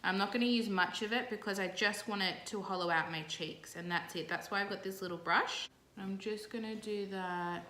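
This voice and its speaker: A young Australian beauty vlogger with a mid-range voice speaks at normal speed in a bright, forceful tone. She chats through her makeup in a casual, playful tutorial, tossing asides to viewers, with a roomy echo and faint background noise.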